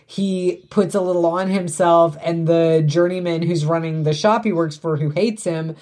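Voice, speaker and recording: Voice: medium pitch, fairly even intonation, normal speed, a little mellow. A speaker in casual conversation, explaining a story's plot and structure fluently. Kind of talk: casual movie discussion.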